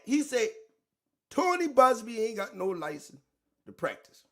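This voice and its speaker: A man hosting a commentary show, reacting to a played clip in loud, mocking street slang, riffing and repeating himself. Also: extremely high pitch, very animated, a little slow.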